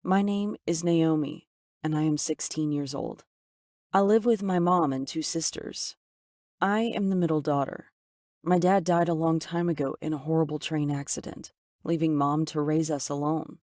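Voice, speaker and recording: A woman narrating a first-person story with dramatic, expressive delivery. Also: deep voice, normal speed, dry recording, clean studio sound.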